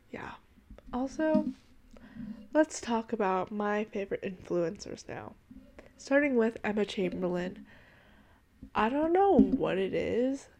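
A woman's voice: medium pitch, a little mellow. A young woman hosting her own podcast, chatting in a rambling, gushing way full of "like", with a congested voice. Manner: rambling and gushing, heavy use of "like". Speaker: podcast host. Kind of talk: casual solo podcast chat.

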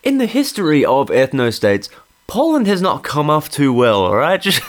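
A man's voice: fairly high pitch, sing-song, normal speed. A young Australian man telling a comic story in a monologue, sweary, exasperated and laughing as he goes.

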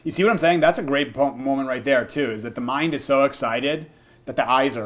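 This young adult man, a dog trainer, curses freely and keeps things casual as he shows his methods, speaking a little fast at medium pitch. To calm the dog, he softens into a quiet murmur.

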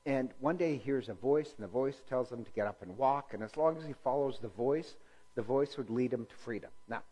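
A man's voice: medium pitch, darkish tone, rough recording. Male lecturer, casual and rambling, frequent fillers and self-corrections. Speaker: speaker teaching church history.

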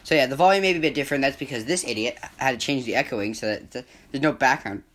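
A woman's voice: rumbling low, a bit bright. A woman co-hosting a podcast, teasing and joking as she reads listener questions. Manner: joking, teasing, quick to laugh. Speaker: podcast co-host. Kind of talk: casual chat.

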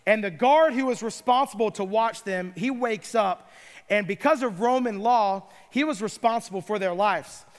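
A man's voice: high-pitched, moderate pace, long reverb tail. A middle-aged man preaching a sermon, retelling scripture stories with playful asides. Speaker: pastor.

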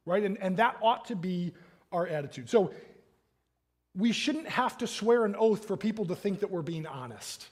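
A man's voice: high voice, expressive, moderate pace. A man preaching a sermon as pastor, in a casual conversational manner, often checking in with "right?". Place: church sanctuary.

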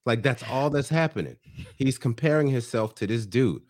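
A man's voice: mid-range voice, moderate pace. A man co-hosting a casual podcast, recapping a reality show and acting out the people in it. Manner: animated, acts out quoted people in changed voices. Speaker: podcast co-host.

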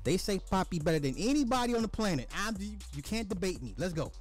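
A man hosting a podcast, giving casual, animated commentary with joking exclamations. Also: high-pitched, fast, soft background music. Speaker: podcast host.

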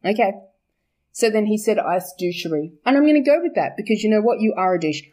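A woman's voice: medium pitch, animated, fast talker, mellow. A young woman, chatting casually about her book's characters, laughing often, swearing and correcting herself as she goes. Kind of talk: casual chat.

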